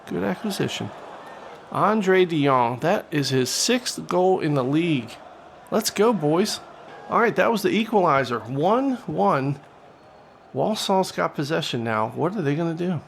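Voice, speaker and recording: A man hosting a gaming channel, giving jokey mock-announcer play-by-play of a football video game and shouting at the big plays. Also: fairly high pitch, a little slow, creaky, a little hiss or hum. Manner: excitable, jumps into loud shouts at big plays. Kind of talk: playful game commentary.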